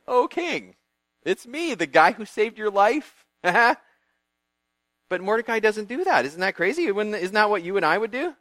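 A man giving a church youth group talk, retelling a Bible story in a lively way, acting out characters and quizzing his listeners. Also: high voice, no echo.

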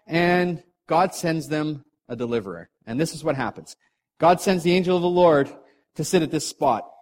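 A middle-aged man preaches in a loose, joking way and acts out the people in his story. His voice sits a little higher than most men's. He speaks to a live audience in a hall. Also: breathy edge. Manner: animated, jokey, acts out characters. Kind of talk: casual sermon storytelling.

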